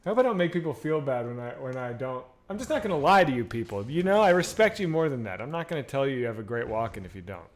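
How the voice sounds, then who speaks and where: Man, game streamer, casual live commentary, very animated pitch, talks back to viewers, salty language. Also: fast, few pauses. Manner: animated, swears freely, chats back to viewers.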